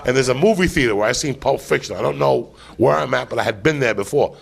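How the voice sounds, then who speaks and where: Gravelly-voiced guy spinning a filthy story live, cussing and cracking himself up. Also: mid-range voice, fast talker. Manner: animated, swearing, laughing as he tells. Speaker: podcast host. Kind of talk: profane comic storytelling. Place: live podcast stage.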